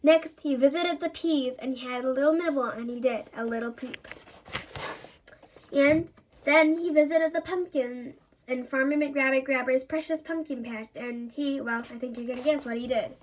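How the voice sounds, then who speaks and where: Lady reading a kids book out loud, playful, pretty high voice. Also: normal speed, slight background noise. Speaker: storybook reader. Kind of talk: reading a children's book aloud.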